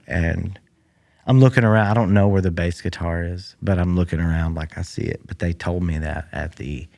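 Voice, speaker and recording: Solo comedy host, man with a deep, raspy-fry voice; dry, meandering, filler-heavy. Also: a little mellow. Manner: rambling, dry, many fillers. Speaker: podcast host. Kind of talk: casual comedic monologue. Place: room in a public library. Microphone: studio mic that picks up the room.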